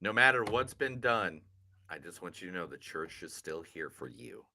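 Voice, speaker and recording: A man putting on a Southern accent to play assorted rough small-town movie characters, drawling his line readings. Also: low voice, big pitch swings, moderate pace, bright, forceful tone, slight background noise, pitched below the performer's own voice, heavily acted. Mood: brash. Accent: Southern US put-on.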